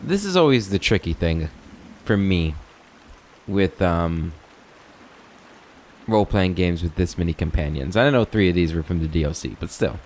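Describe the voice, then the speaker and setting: A man's voice: low-pitched, lively intonation, normal speed, long pauses, a little mellow, a little hiss or hum. A man hosting a let's play, reading game text aloud and chatting in a rambling, easygoing way.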